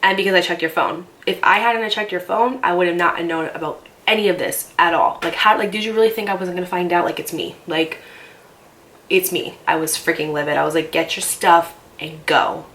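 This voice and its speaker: A young woman telling a personal story in a casual vlog, animated and emphatic, swearing freely. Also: on the low side, brisk.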